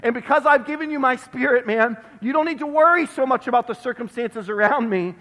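A male pastor delivering an emphatic sermon, repeating phrases and dropping to a hush on key words, recorded in a church sanctuary. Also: very high voice, fairly quick. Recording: long reverb of a church hall.

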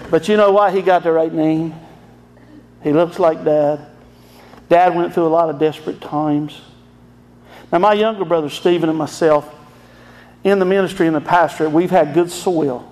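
A man's voice: a little high, moderate pace, long pauses, darkish tone. A middle-aged man, a pastor telling an emotional family story in a folksy sermon.

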